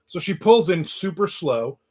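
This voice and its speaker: A man's voice: fairly high pitch, big pitch swings, unhurried. A man hosting a casual live stream, telling a story and reading out viewer comments. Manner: storytelling, reads out chat comments. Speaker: host. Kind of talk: casual livestream chat. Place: in the American South.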